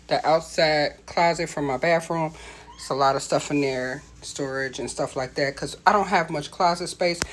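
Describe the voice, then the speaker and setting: A woman's voice: fairly low pitch, fairly bright tone. A middle-aged woman casually showing viewers around her small apartment, chatting with lots of ums and calling them y'all. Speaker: vlogger giving a home tour. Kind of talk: casual home tour vlog. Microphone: handheld phone camera.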